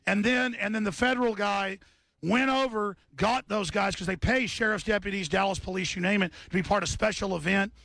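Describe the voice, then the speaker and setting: A man's voice: high voice, fairly even intonation, a little fast, creaky, bright, forceful tone, no room sound. An agitated man hosting a live radio show, worked up after a scuffle, emphatic and repeating himself as he recounts what happened. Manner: emphatic, repeats words, restarts often. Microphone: studio radio mic.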